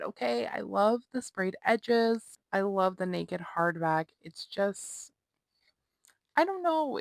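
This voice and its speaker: A woman's voice: low voice, no echo. A woman in her twenties, a book vlogger, chatting casually and gushing, with lots of fillers. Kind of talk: casual chat.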